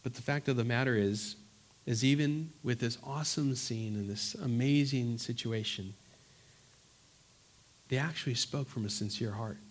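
A man teaching a Bible study, reading scripture aloud slowly and earnestly between plain explanations, often restarting his words. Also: mid-range voice. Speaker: pastor.

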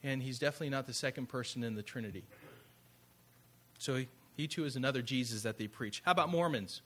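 A man's voice: mid-range voice, fast, fairly bright tone, slight background noise. A man preaching a sermon in a conversational way, often asking rhetorical questions. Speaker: pastor.

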